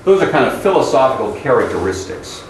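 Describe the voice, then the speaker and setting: A man with a mid-range voice lectures a class at a quick pace, animated and calling on students by name. Now and then he mocks the ideas he quotes, slipping into a mocking singsong for shallow hymns. The echoey classroom carries faint ambient noise.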